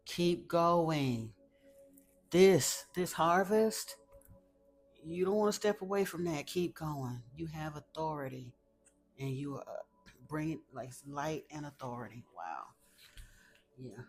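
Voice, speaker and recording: A woman's voice: low voice, lively intonation, unhurried, soft background music. A woman giving an emphatic spiritual tarot reading to her viewers, repeating phrases for stress. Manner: emphatic, repeats phrases, gets teary, talks to viewers as y'all. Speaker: tarot reader.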